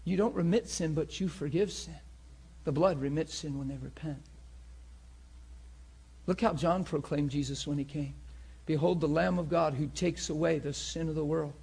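Male preacher, high husky voice, impassioned sermon delivery. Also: moderate pace. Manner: passionate preaching that swings from shouting to hushed.

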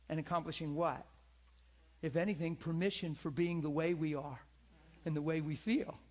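A middle-aged male pastor preaching a sermon, swinging from loud calls to hushed, near-whispered lines. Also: a little high.

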